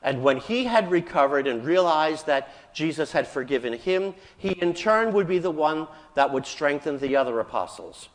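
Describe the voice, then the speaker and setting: A man's voice: fairly high pitch, lively intonation, normal speed, hardly any pauses. A man preaching a sermon as a priest, telling the story vividly and raising his voice for the quoted lines. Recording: church hall reverb.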